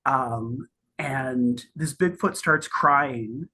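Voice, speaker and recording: A game master narrating a tabletop game in a halting way, with many restarts and fillers. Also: mid-range voice, sharp tone, a little hiss or hum.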